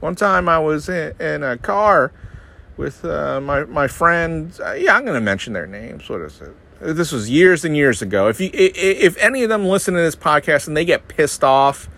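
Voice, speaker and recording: A man's voice: very animated, moderate pace, creaky, sharp tone. Rambling, wry man on a podcast. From Northeastern United States. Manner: rambling, self-deprecating, jumps into high-pitched mocking voices for others. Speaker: podcast host. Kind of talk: casual comedic monologue.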